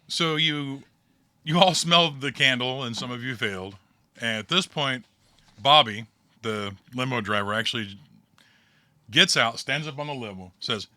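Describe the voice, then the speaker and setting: A man's voice: medium pitch, moderate pace, bright, forceful tone, dry recording, studio quality. A man running a tabletop game as the storyteller, narrating in a loose, chatty way.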